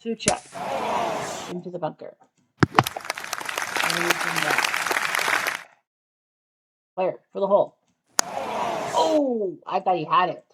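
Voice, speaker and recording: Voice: mid-range voice, expressive, slow pace, pauses often. A commentator calling shots in a golf game casually, blurting out reactions and the odd swear. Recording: loud crowd and game noise behind the voice. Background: loud crowd and game sound effects.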